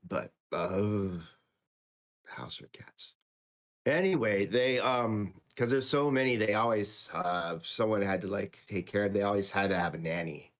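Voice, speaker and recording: A man in a role-playing game, telling a bedtime story in a halting, rambling way full of fillers. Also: on the low side. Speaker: player.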